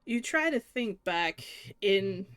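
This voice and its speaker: A woman running a tabletop game as game master, describing scenes and ruling on players' actions in measured narration. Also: medium pitch, expressive, fairly bright tone, smooth, dry recording.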